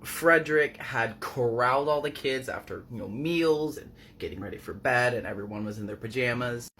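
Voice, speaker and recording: A man's voice: medium pitch, animated, normal speed, a bit bright, slight background noise. A man chattily retelling a novel's plot from his apartment, leaning on fillers as he goes. His voice sits mid-range, with volume that drops and rises as he talks. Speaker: book reader and recapper. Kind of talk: casual book recap narration.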